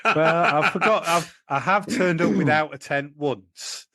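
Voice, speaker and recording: A man's voice: on the high side, unhurried, pushed and bright, dry recording. A man co-hosting a podcast, bantering casually and laughing often, recorded at a campsite. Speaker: podcast co-host. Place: campsite outdoors.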